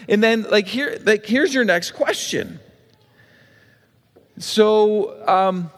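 Man, pastor, sermon, high-pitched voice, animated storytelling, plays both sides of a dialogue, long church reverb. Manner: lively storytelling, acting out both sides of a made-up conversation. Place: church sanctuary.

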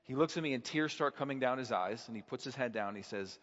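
A man's voice: medium pitch, fast, a bit bright. A man preaching a sermon, telling a personal story and building to fervent, passionate peaks. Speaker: pastor. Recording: dull sound in a hall with long reverb.

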